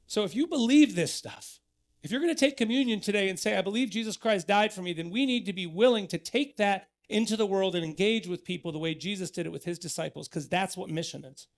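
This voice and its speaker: A man's voice: sits high, fast talker. A man in his thirties, a pastor preaching an earnest sermon in church that builds to emphatic exhortation.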